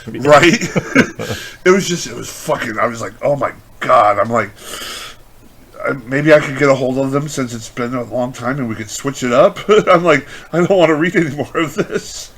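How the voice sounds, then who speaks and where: A man's voice: medium pitch, normal speed, fairly bright tone. A man co-hosting a podcast in casual chat, rambling with many fillers and swearing. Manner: rambling, filler-heavy, profane. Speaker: podcast co-host.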